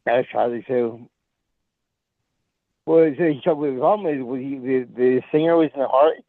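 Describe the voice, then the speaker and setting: A man's voice: medium pitch, moderate pace, no room sound. A man co-hosting a casual podcast chat, teasing and repeating himself over a tinny phone-like line. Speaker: podcast co-host.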